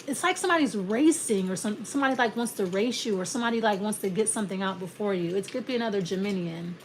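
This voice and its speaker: A woman's voice: mid-range voice, fast, few pauses, a little hiss or hum. A woman giving a casual, rambling tarot reading, often restarting her sentences and acting out imagined back-and-forth exchanges. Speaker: tarot reader.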